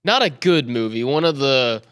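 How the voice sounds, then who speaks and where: This is a man chiming in as a co-host with casual, joking asides. His voice sits at an ordinary middle pitch. He sounds relaxed and offhand as he talks over the host. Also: normal speed, smooth. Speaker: radio show co-host. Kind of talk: casual studio banter.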